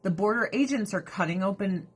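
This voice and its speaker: A woman with a slightly husky voice talks through her skincare routine. Her pitch leaps up and down as she rants with profanity and sarcasm and slips into mocking impressions. The delivery is loose and casual, like an off-the-cuff vlog. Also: fairly quick. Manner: animated, drops into mocking voices. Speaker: vlogger.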